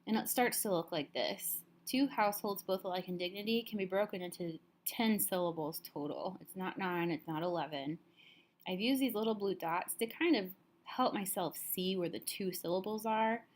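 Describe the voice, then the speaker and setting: A woman teacher calmly walking students through a recorded lesson, explaining step by step, a little tired. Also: medium pitch, moderate pace.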